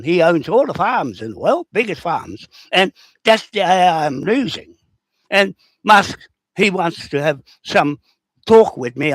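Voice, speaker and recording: A man, talking rough and combative on a livestream, rambling and repeating himself as he answers comments. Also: fairly high pitch, fairly bright tone, no room sound.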